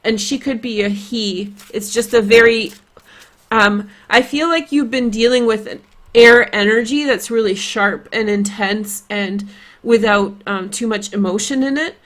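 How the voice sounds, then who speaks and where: A woman's voice: fairly high pitch, unhurried, a bit bright. A woman with a Polish accent giving a casual, chatty tarot reading, rambling with lots of "like" and "you know". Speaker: tarot reader.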